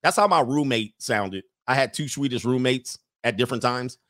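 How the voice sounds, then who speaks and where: A male host giving joking, animated reaction commentary and laughing often. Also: mid-range voice, moderate pace, no echo, clean studio sound.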